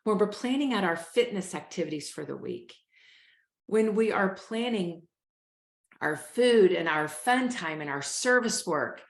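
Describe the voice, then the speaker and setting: A woman, hosting a motivational talk and coaching listeners on stress in an earnest, encouraging way. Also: fairly low pitch. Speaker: show host and wellness coach. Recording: roomy echo.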